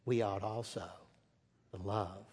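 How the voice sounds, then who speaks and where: A man preaching slowly and dramatically, with a husky voice that sinks to hushed whispers. His words ring out with the long reverb of a large hall. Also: on the low side, fairly even intonation. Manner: slow, dramatic storytelling with hushed, whispered moments. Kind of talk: sermon.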